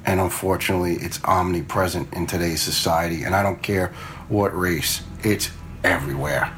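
His voice is low-pitched and fairly bright in tone, with fairly even intonation and a moderate pace. The speaker, a blunt retired fire lieutenant in his forties, tells casual stories and quotes himself in them.

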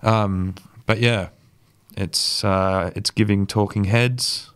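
A young man presenting songs on music radio in a relaxed, rambling way, with lots of ums. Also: on the low side, slow, smooth. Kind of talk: casual music radio links.

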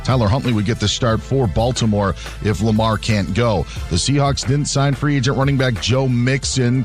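A man reading a sports news update in a brisk newsreader manner. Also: medium pitch.

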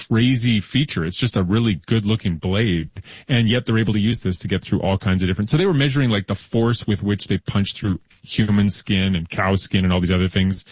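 A man's voice: fairly low pitch, slightly rough, no echo, muffled recording. A man in his thirties or forties, co-hosting a casual science chat, explaining with enthusiasm and lots of fillers. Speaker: podcast co-host.

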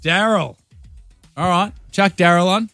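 A man's voice: sits high, a little slow, no room sound, soft background music. A man hosting a radio show with an Australian accent, bantering with callers in a jokey way. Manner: jokey, lively. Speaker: radio host.

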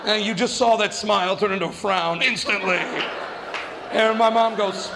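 Stand-up man, high voice, profane self-mocking storyteller, reverberant hall. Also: fairly even intonation, moderate pace, creaky, background noise. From New Mexico. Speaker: stand-up comedian.

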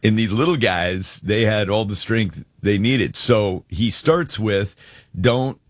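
A man's voice: on the low side, slow pace, dry recording. A man hosting a casual chat, telling a story with animation and frequent laughs.

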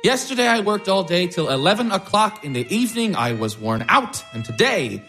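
An actor playing a fussy, cheerful schoolteacher and doting husband who chuckles often. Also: male voice, high-pitched, sing-song, brisk, bright, forceful tone, soft background music, full character voice. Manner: chuckling, chatty. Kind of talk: stage drama acting.

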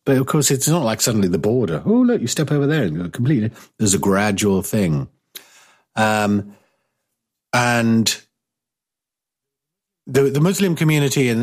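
A man's voice: on the low side, lively intonation, normal speed, slightly rough. A British man hosting a talk radio show, chatting casually and rambling with many restarts. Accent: British English. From Britain.

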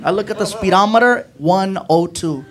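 Animated high-voiced male stand-up comic. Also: moderate pace. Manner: animated, acts out voices, loud bursts. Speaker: stand-up comedian. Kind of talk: stand-up storytelling.

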